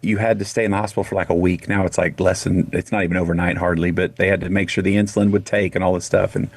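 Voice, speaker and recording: A middle-aged man from Texas telling a personal story in a casual radio interview, animated and full of restarts. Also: low voice, fast talker, no echo. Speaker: guest singer.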